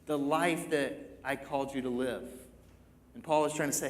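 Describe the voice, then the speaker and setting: A man in his thirties delivers an emphatic sermon, circling back over his phrases and restarting them to drive points home. His voice sits on the higher side for a man. The sound rings with long reverb from a large hall. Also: steady tone, normal speed. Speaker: pastor.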